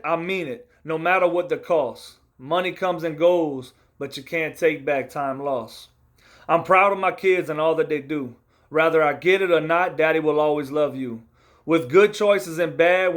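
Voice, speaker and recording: A man in his thirties performs a rhymed spoken-word poem about his own life. His voice sits a little high for a man, and he talks in an earnest, confessional way, as if laying his heart open. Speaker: storyteller.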